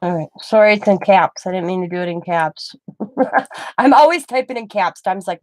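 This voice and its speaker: A woman's voice: on the low side, expressive, brisk, a little mellow, no echo. A middle-aged woman hosting a crafting livestream, chatting in a rambling, self-deprecating way while she works. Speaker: craft channel host.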